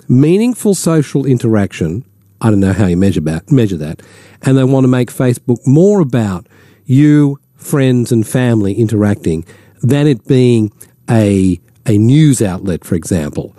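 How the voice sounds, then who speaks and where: A man with an Australian accent hosting talkback radio, chatty and animated, slipping into mock voices. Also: medium pitch, normal speed, dry recording, studio quality. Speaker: radio host. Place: radio studio.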